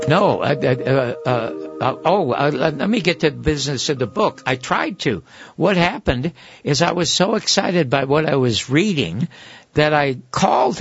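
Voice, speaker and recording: An older man, a guest, telling long anecdotes and acting out the quoted voices, with a gravelly, husky voice. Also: fairly high pitch, no echo, muffled recording. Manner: animated storyteller who acts out quoted voices. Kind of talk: anecdotal storytelling.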